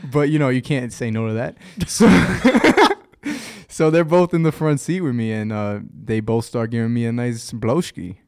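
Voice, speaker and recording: A man's voice: medium pitch, moderate pace, few pauses, clear, resonant tone. A young man in casual podcast chat, telling a story with lots of laughter and acted-out quotes. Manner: animated storyteller, laughs a lot, acts out quotes. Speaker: podcast guest.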